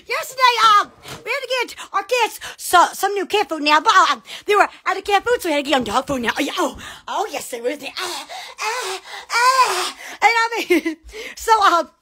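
A woman's voice: very high-pitched, animated, moderate pace, pushed and bright. A woman chatting on a phone livestream, giddy and rambling, constantly exclaiming and laughing between phrases. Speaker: social media livestreamer. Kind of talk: rambling live-stream chat.

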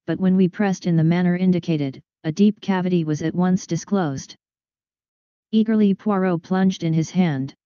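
Woman audiobook narrator, lowish mellow voice, measured delivery, dull dry lo-fi sound. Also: no room sound. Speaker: audiobook reader. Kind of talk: scripted narration of a detective story.

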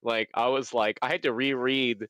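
Giggly streamer, bright dry voice. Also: mid-range voice, steady tone, moderate pace, clear, resonant tone, dry recording. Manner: giggly, heavy use of "like". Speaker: streamer hosting a collab. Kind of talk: casual chat. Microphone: close desk mic.

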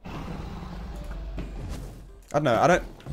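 A young Australian man giving live commentary on his own gameplay as a streamer, reacting aloud with slang and quick laughs. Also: lowish voice, faint music behind. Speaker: game streamer.

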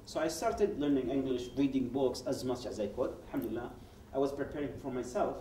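A man from Yemen with a mellow, mid-range voice speaks fairly quickly, a little hiss or hum in the audio. As a guest speaker at a public event, he tells his personal testimony as a story, acting out quoted dialogue and often restarting sentences. He's far from the mic in a roomy event hall.

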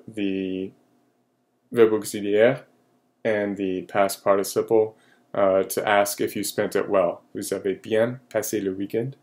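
A man teaching a recorded French lesson, slow and patient with many fillers, repeating each French phrase. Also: lowish voice, darkish tone.

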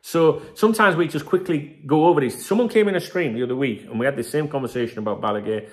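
A man's voice: a little high, fast talker. A man hosting a football channel, talking casually and emphatically, often tagging "right?" and swearing. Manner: chatty, emphatic, keeps asking "right?", swears. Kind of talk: casual commentary to camera.

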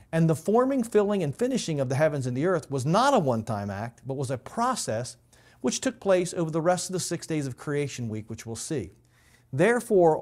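A man's voice: a little high, darkish tone. A male pastor giving a methodical Bible lesson, explaining grammar step by step and stressing key words. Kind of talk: Bible teaching.

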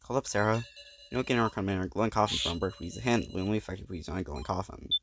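Male let's play host with a gravelly, creaky voice, reading game dialogue aloud with stammering dramatic reads. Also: on the low side, racing, noisy background.

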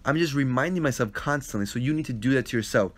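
A man at a middle pitch talks into his phone during a live Q&A, answering viewers' questions. He is earnest and a little repetitive, circling back over his advice and tossing in quick check-ins. His delivery is casual and conversational. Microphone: phone live stream.

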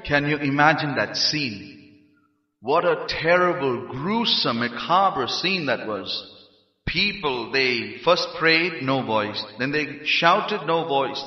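A man from India preaching a sermon, emphatic and rising to shouts on key phrases. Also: a little high. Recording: roomy hall, dull lo-fi sound.

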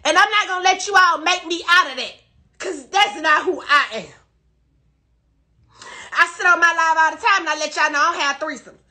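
Crying, high-pitched woman ranting profanely. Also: moderate pace, long pauses, sharp tone. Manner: profane, defensive, repetitive. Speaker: livestreamer. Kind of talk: emotional live-stream rant. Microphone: phone.

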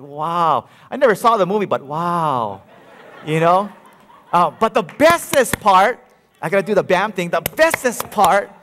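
Animated high-voiced pastor with Hawaiian lilt. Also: male voice. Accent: Hawaiian Pidgin-tinged English. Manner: storytelling, playful and animated, with many fillers. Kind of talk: sermon. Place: large church hall. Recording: reverberant church hall.

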